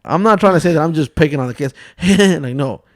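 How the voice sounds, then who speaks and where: A man's voice: fairly high pitch, lively intonation, quick pace, no room sound, clean studio sound. A man in his thirties hosting a casual podcast chat, joking and telling family stories, swearing freely. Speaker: podcast host.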